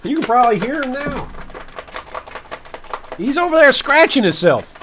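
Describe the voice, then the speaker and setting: Brief: male streamer playing old country farmer, Southern drawl, slow folksy pauses, bouncy high voice. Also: big pitch swings, sharp tone, a little hiss or hum, exaggerated voice. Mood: rambling. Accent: put-on Southern US rural. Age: older. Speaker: gaming streamer host in character. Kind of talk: comic character bit on a game stream.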